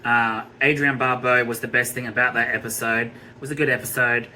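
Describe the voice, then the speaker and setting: An Australian man giving a blunt, scornful TV review rant, swearing freely and filling pauses with ums. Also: mid-range voice, flat delivery, sharp tone, slight background noise, low-quality recording. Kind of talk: ranting review vlog.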